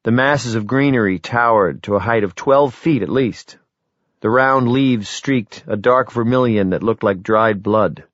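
Male audiobook narrator, steady and wry; dry, slightly lo-fi sound. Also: lowish voice, measured pace, dry recording. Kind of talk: scripted narration. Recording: slightly dull, lo-fi recording.

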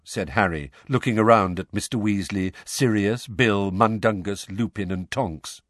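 A man narrating an audiobook in an expressive, dramatic storytelling manner. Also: lowish voice, measured pace, hardly any pauses, dry recording, studio quality. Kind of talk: scripted narration.

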